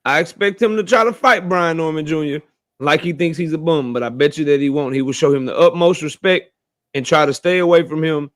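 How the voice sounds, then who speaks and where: A man's voice: fairly high pitch, brisk. A man giving emphatic, slangy opinions on boxing in a casual debate. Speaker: boxing commentator.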